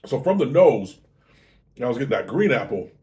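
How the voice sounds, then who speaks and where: A man's voice: mid-range voice, big pitch swings, moderate pace, dark tone. Laid-back man hosting a whiskey tasting. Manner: chatty, easygoing, self-correcting. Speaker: whiskey reviewer host. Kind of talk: casual tasting review.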